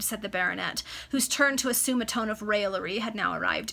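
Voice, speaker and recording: A woman reading an old novel aloud to friends over a video call, expressive and now and then correcting herself. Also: mid-range voice, fast talker, gravelly, hardly any pauses. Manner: expressive, occasional self-corrections. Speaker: reader. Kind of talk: amateur read-aloud of a classic novel.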